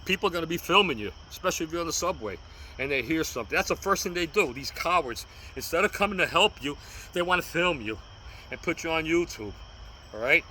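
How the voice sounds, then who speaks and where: A bright, fairly high-voiced man in his sixties from New York talks earnestly, repeating himself and pleading with his viewers. He records outside on a city street, and faint traffic sounds hum behind him. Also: lively intonation, fast talker, low-quality recording. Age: 60s. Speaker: vlogger teaching cane self-defense. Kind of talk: casual outdoor vlog.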